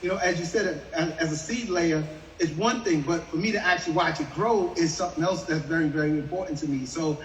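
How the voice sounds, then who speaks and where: A man hosting a group call who speaks in a warm, conversational way full of fillers. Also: on the high side, fairly quick, reverberant, big-room sound, recorded from a distance, a little hiss or hum, rough recording. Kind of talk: casual supportive chat.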